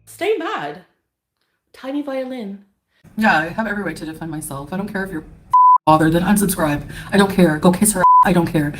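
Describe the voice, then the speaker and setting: A woman's voice: on the low side, quick pace. A woman from Canada streaming live, ranting in a profane, scornful and defensive way. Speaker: livestreamer. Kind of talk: angry livestream rant.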